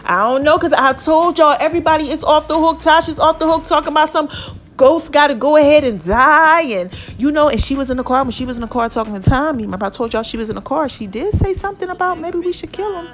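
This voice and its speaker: High-voiced chatty woman recapping a show. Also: fast talker. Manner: chatty, animated, acts out the characters' lines. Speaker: podcast host. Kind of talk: casual TV episode recap.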